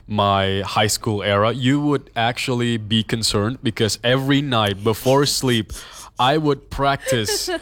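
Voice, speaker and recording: A man's voice: medium pitch, a little slow, fairly bright tone, dry recording. A man, chatting frankly and opinionatedly as a podcast guest. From Indonesia. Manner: frank, opinionated, switches into Indonesian phrases. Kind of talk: casual podcast chat.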